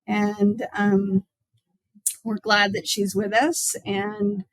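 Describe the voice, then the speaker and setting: A woman's voice: medium pitch, flat delivery, very slow, no echo, rough recording. A middle-aged woman, a podcast guest, introducing her mother with a hesitant, filler-filled delivery. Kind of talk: casual podcast interview.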